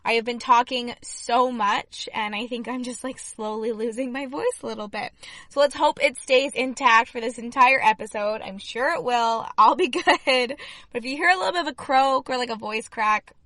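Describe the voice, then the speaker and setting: A young adult woman hosting a podcast in chatty, upbeat talk, her voice slightly hoarse. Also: fairly high pitch, moderate pace, a bit bright, no echo. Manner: chatty and upbeat, many fillers. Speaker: podcast host. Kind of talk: casual solo podcast talk.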